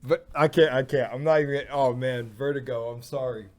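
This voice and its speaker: A man's voice: medium pitch, fairly even intonation, normal speed. A man hosting a reaction video, chatting casually to camera, rambling and restarting his sentences as he goes.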